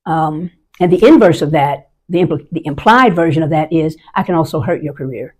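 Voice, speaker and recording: A man's voice: fairly high pitch, normal speed, darkish tone, close to an everyday voice. Woman quoting a sleazy male colonel.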